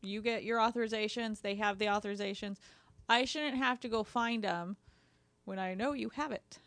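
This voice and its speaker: A woman's voice: mid-range voice, moderate pace, a bit bright, dry recording. A woman speaking as a patient, talking indignantly and emphatically in casual chat.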